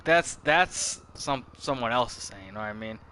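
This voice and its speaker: A man's voice: mid-range voice, animated, moderate pace, pushed and bright, slight background noise. A man in his thirties giving casual gameplay commentary, rambling and swearing freely, often restarting his sentences. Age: 30s. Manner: rambling, profane, self-interrupting. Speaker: gameplay streamer.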